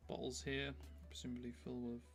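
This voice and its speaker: A soft-spoken man chatting casually while he draws on a live stream, thinking aloud and often restarting his sentences. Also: mid-range voice, flat delivery, brisk. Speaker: artist streaming his drawing. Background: faint background music.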